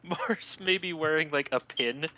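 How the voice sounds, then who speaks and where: A man's voice: a little high, measured pace, sharp tone. A man playing a tabletop game, laughing and describing his party in loose, casual talk. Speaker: player. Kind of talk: tabletop role-play chat.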